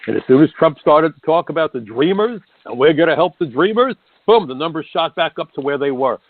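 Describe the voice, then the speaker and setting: A man's voice: on the high side, lively intonation, fairly quick. A man, hosting a talk radio show, delivering an emphatic, sarcastic monologue. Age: 60s. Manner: emphatic, sarcastic, mimics politicians in mocking voices. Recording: dry, phone-like narrow sound.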